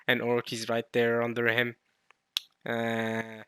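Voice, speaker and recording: A man casually reading a comic chapter aloud and reacting to it, excitable, with mild swearing and frequent self-corrections. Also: mid-range voice, unhurried, dry recording, studio quality. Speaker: manga reaction YouTuber.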